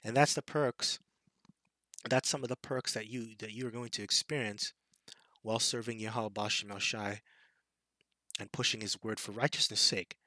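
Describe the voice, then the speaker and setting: Fiery male street preacher, forceful bright tone, taunting delivery, dry close sound. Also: fairly low pitch, steady tone, normal speed, pauses often, no room sound. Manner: fiery and taunting, with scornful impressions and laughs. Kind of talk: scripture sermon.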